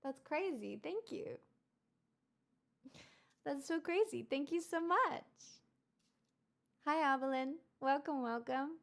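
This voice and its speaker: A woman's voice: high-pitched, animated, slow pace, gravelly, pauses often, a bit bright. A woman hosting a casual livestream, chatting with viewers, thanking them in an exclamatory, wry way. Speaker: livestream host.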